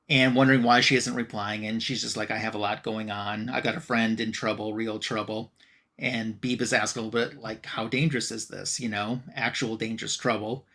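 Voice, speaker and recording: A man's voice: mid-range voice, a bit bright. Casual man recapping a comic aloud. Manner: retelling a comic plot with loose quoted dialogue, many fillers. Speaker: podcast co-host.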